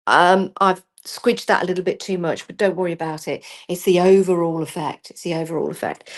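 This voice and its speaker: A woman's voice: fairly low pitch, fairly even intonation, a little fast, few pauses. Casual female craft host, self-deprecating, talks while she works. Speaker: craft demonstrator. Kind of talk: live crafting demo.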